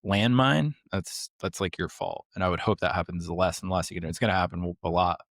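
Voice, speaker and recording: A podcast host who owns a clinic speaks bluntly in a deep, fairly bright voice, a little fast, during a casual clinical discussion. He keeps posing rhetorical questions and answering them himself. The recording is dry and close-miked, with no room sound.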